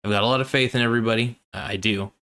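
A man's voice: mid-range voice, steady tone, quick pace, pushed and bright. A man hosting a solo show, tired and yawning, talking in a rambling, repetitive, earnest way. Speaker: podcast host. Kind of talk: casual solo talk.

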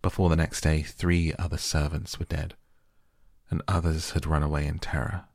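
Deep, gravelly man reading softly for sleep. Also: flat delivery, no room sound, studio quality. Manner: slow, hushed and unhurried. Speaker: audiobook narrator. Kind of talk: soft bedtime story reading.

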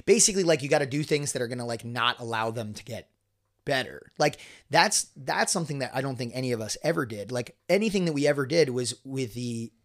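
A man's voice: mid-range voice, animated, a little fast. A young man in a casual podcast chat, rambling with many fillers and frequent swearing. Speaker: guest co-host, grappler.

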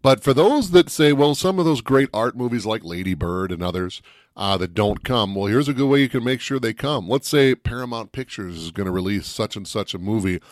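A man's voice: fairly low pitch, a little fast, no room sound, clean studio sound. A man co-hosting a podcast in casual chat, telling stories with playful energy. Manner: animated, playful storyteller. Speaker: podcast co-host.

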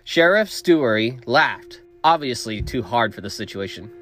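A man narrating a dark fantasy story in a steady, measured reading. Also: mid-range voice, faint music behind.

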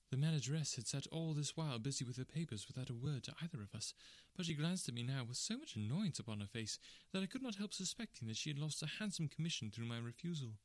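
A man narrating a classic first-person story in a measured, precise audiobook reading. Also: mid-range voice, lively intonation, no room sound.

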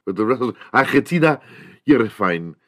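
A man's voice: medium pitch, lively intonation, moderate pace, a bit bright, dry recording, clean studio sound. A man hosting a comedy podcast, talking in a hyped, rambling and profane way. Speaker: podcast host. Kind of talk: casual comedy podcast monologue.

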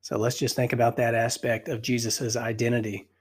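A man hosting a devotional podcast, reading scripture slowly and reflectively while still out of breath. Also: mid-range voice, level tone, breathy edge. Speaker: podcast host.

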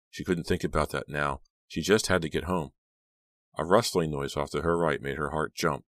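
A man narrating a horror audiobook in a steady, dramatic reading. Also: rumbling low, normal speed, dry recording.

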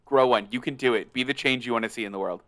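A man's voice: medium pitch, fast talker, a bit bright. A man co-hosting a casual movie podcast, teasing his friends and laying out a theory at length. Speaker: podcast co-host. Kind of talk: casual movie review chat.

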